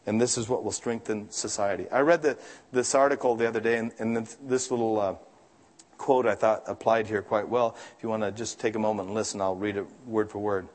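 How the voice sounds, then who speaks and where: Preacher with a booming hall echo. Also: male voice, a little fast. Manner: emphatic, animated preaching with dramatic asides. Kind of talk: sermon. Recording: long hall reverb.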